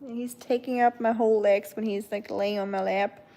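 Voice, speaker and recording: Mellow woman chatting casually. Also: medium pitch, steady tone, moderate pace. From Germany. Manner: rambling, many filler likes. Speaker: live streamer. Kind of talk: casual chat.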